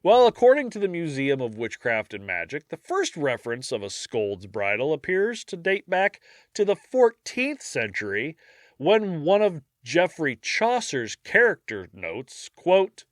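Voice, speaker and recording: A man's voice: on the high side, huge pitch swings, measured pace, no room sound, clean studio sound. A man co-hosting a casual history podcast, telling the story in a jokey way and acting out little scenes. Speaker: podcast co-host.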